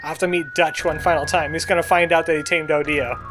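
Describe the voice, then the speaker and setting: Speaking fast in a higher register with little pitch movement, this man chats through his gameplay as the channel's let's play host. He jokes around and occasionally slips into a cowboy voice while faint game music plays behind him.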